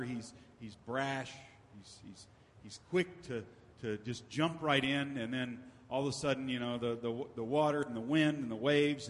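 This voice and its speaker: A man's voice: a little high, a bit bright. A man preaching a sermon as pastor, in a conversational style with emphatic repetition. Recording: long hall reverb.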